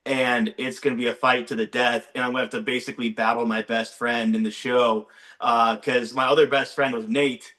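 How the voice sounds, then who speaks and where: A young man, a former game show contestant, chatting on a video call and excitedly retelling his experience with lots of "like.". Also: medium pitch, a little fast. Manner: excitable storyteller, heavy use of "like". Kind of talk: casual chat on a video call. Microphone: video call microphone.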